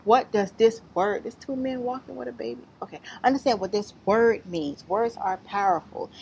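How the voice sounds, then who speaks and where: A woman's voice: a little high, moderate pace, gravelly, dull audio, slight background noise. A woman giving blunt, rambling spiritual advice in a casual vlog, outdoors among trees. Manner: rambling, blunt and profane, lively. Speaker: spiritual vlogger.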